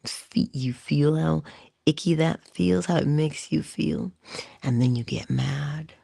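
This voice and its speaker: In a low, creaky voice that's warm with a breathy edge, a woman motivational speaker delivers an inspirational monologue, with no room sound audible. She talks deliberately and directly to her listeners, slipping into whispers to stress key points.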